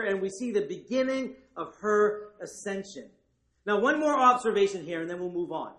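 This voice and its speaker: A man's voice: high voice, a bit bright, echoey room. A male pastor preaching a sermon in a conversational way, with frequent asides and check-ins with his listeners.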